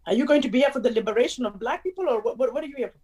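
A woman's voice: a little high, racing, darkish tone. A woman from Africa with an African accent, a guest in casual conversation who tells stories and acts out the voices she quotes.

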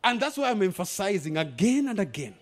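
A middle-aged man, preaching a sermon as a visiting pastor at a church service, declaring prophecies in shouted bursts. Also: sits high, sing-song, fairly quick. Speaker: guest pastor.

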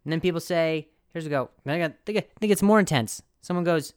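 A man's voice: on the high side, a little fast, clean tone, dry recording, studio quality. A young man hosting a comedy podcast, rambling and sarcastic with lots of restarts. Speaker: podcast host. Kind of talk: comedic monologue.

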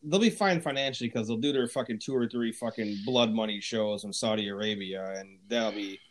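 A man co-hosting a podcast, talking bluntly and profanely in casual, quick bursts. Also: lowish voice, a little hiss or hum. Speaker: podcast co-host.

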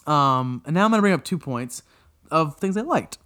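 A podcast co-host runs through his complaints about a show, swearing freely and jumping up into high, incredulous exclamations. His voice sits slightly high and moves around a lot in pitch. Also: lively intonation, moderate pace, pushed and bright, clean tone. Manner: exasperated, profane, jumps to high incredulous outbursts. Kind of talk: casual episode review rant.

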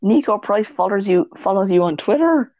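A man's voice: high-pitched, expressive, moderate pace, a little mellow, no room sound, lo-fi sound. A man co-hosting a casual podcast, talking fight sports, swearing and laughing often. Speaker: podcast co-host. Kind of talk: casual chat.

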